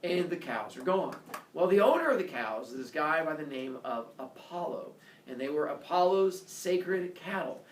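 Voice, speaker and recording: A man's voice: fairly high pitch, lively intonation, moderate pace. A man retelling a myth in a casual, playful, jokey way. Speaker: storyteller. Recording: echoey room, distant mic, faint noise.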